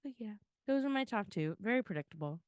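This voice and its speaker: Gushing with tearful excitement, a young woman from Florida co-hosts a podcast in casual chat, sprinkling "like" everywhere. Her voice is medium-pitched, fast and smooth, with clean studio sound and no room noise.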